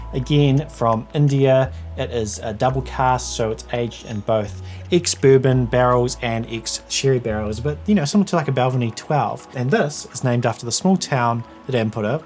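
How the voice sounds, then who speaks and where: A man giving a casual whisky tasting review, chatting and thinking aloud as he tastes. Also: medium pitch.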